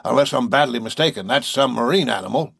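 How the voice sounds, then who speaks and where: A man voicing an eager, excitable male harpooner in a read-aloud adventure story. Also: mid-range voice, fast talker, vocal fry, slightly rough, no room sound, studio quality, heavily acted. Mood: excited. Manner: excited, exclaiming.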